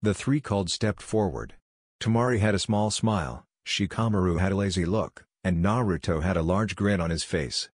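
Deep dry male story narrator. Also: moderate pace, no room sound. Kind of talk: fan fiction read-aloud narration.

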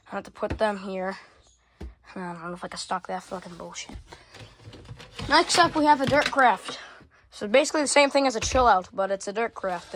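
A woman casually narrating a home vlog while fumbling with gear and cursing often, recorded on a phone. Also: fairly high pitch. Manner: rambling, swears a lot, fumbles with gear. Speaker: fan collector vlogger. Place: home room. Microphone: phone camera. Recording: phone video with loud fan noise behind.

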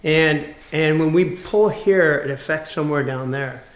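A man leading a guided fascia exercise class, giving calm step-by-step cues and explaining as he goes. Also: fairly high pitch, measured pace. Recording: roomy echoey room.

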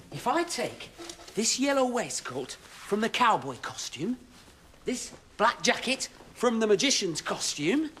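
The engine driver from the children's show comes through in a high-pitched, slightly bright, exaggerated voice, with a faint hiss or hum in the background. A man plays this cheerful, fussy character, talking chattily and theatrically to viewers.

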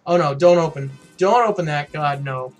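A man's voice: fairly high pitch, moderate pace, faint music behind. A man hosting a gaming channel, giving casual commentary as he plays, blunt and mocking, with frequent swearing.

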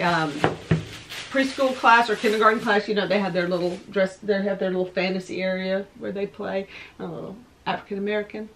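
A woman with a voice going hoarse, rambling as she shows off her thrift finds at home. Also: medium pitch, a bit bright. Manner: rambling, chatty, thinking aloud. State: losing her voice. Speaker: vlogger showing thrift finds. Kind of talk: casual show-and-tell chat. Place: home room with window open. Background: dogs barking.

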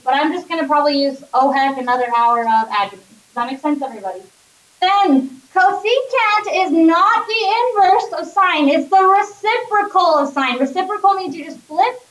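High-voiced teacher in an echoey classroom. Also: female voice, a bit bright, distant mic. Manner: upbeat, checks in with students often. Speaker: math teacher. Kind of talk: classroom lecture.

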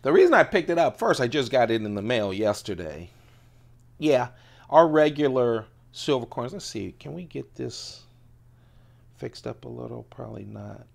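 A man's voice: medium pitch, very animated, moderate pace, gravelly. A man in his late fifties, casually showing his pocket items on a vlog, rambling and laughing as he goes. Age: 50s. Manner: chatty, laughs often, digresses. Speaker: EDC video host. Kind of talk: casual rambling show-and-tell.

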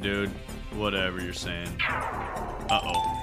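A man giving frantic, excitable, self-mocking commentary as he plays a game. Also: fairly high pitch, moderate pace. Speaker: gamer. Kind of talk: let's play commentary. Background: loud game music.

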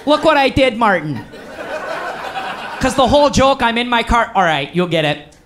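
A man's voice: extremely high pitch, big pitch swings, moderate pace, a crowd in the background, noisy background, voice pushed up. A man voicing an overconfident, long-winded small-town uncle with a folksy Wisconsin accent. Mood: eager.

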